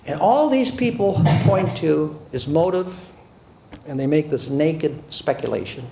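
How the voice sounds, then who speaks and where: A man's voice: a little high, expressive, a little slow, gravelly, dark tone, slight background noise. An older man from the United States, a former prosecutor, giving a sarcastic, emphatic talk to an audience, often repeating and restarting words. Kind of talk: speech to an audience.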